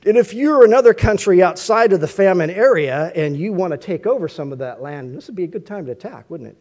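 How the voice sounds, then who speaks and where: Male preacher, slightly high mellow voice, conversational sermon with rhetorical questions. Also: lively intonation, quick pace.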